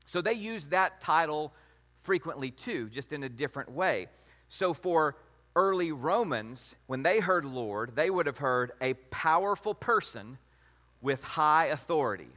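A man teaching a sermon in a measured way, reading scripture passages aloud. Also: fairly high pitch, expressive, pushed and bright. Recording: long hall reverb.

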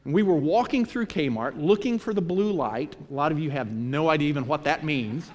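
Animated preacher in a reverberant hall. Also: male voice, a little high, normal speed, a little hiss or hum. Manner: storytelling, animated retelling of scripture. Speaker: pastor. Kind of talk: sermon.

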